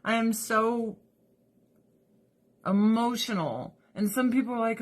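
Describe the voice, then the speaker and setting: A woman talking to her viewers in a loose, rambling livestream chat. She is weepy and emotional, laughing between thoughts and swearing freely. Her delivery is slow and drawn out. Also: fairly high pitch. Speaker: vlogger.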